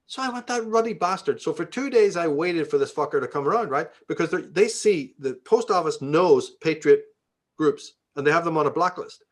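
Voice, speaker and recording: A man's voice: on the high side, lively intonation, normal speed. A man from Northern Ireland with a Belfast accent and a slightly raised voice. He is an interview guest telling stories in a loose, profane way. He slips into the voices of the people in his stories as he goes. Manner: profane, acts out quoted dialogue. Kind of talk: conversational storytelling.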